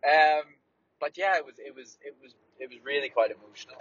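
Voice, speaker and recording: A man's voice: a little high, fairly quick. A man, a runner, talking candidly in a casual rambling monologue while driving a small car, swearing freely. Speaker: distance runner and podcast host. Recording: dull audio, faint road noise.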